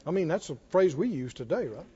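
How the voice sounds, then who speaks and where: A man's voice: fairly high pitch, lively intonation, brisk, dark tone. A man preaching a sermon to a congregation, repeating phrases for emphasis and prompting them to answer back. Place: church hall with congregation. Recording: reverberant hall, dull lo-fi sound.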